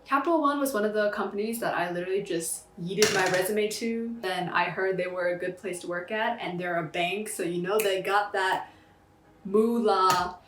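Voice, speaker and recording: A young woman in a casual vlog, telling a story in a chatty, slangy, animated way. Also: mid-range voice, moderate pace, reverberant, music in the background. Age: young adult. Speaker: vlogger.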